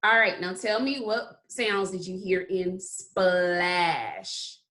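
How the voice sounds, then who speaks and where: Woman kindergarten teacher, phonics lesson, slow and encouraging, stretched-out sounds. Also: medium pitch, steady tone, bright, forceful tone. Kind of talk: online phonics lesson for young children.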